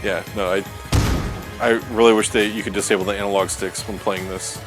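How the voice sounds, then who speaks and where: A man co-hosting a casual gaming stream, joking around and telling stories in an animated way. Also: fairly low pitch, brisk, over music. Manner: joking storyteller, acts out quotes. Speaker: co-host.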